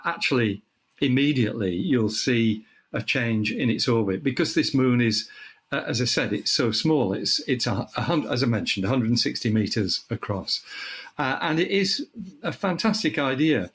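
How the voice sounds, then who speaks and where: An older man from the UK, with a frog in his throat, explaining space science in casual chat and clearing his throat often. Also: medium pitch, animated, normal speed, fairly bright tone. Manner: thoughtful, restarts phrases, clears throat often. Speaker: astronomy guest expert.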